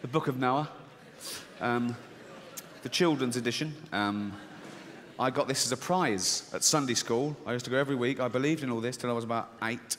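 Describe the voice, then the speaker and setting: A middle-aged man doing stand-up comedy, deadpan and swearing, acting out squeaky voices in a theater. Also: moderate pace, long reverb tail. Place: large theater with audience. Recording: live theater, audience laughter.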